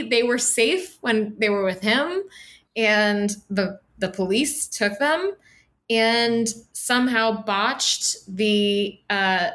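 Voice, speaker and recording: A woman's voice: mid-range voice, fairly bright tone. A woman co-hosting a podcast, talking casually with many fillers and a sarcastic edge. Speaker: podcast co-host. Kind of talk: casual political chat.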